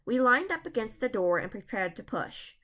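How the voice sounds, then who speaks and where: A woman's voice: a little high, very animated, normal speed, pushed and bright. A woman reading a suspenseful children's book aloud, chapter by chapter. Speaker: reader.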